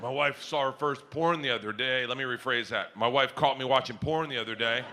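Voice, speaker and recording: A man doing a stand-up comedy set, telling a story loudly and acting out the other people in it with shouted voices. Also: medium pitch, brisk, background noise. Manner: loud, animated storytelling that jumps into shouted voices. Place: comedy club stage before an audience.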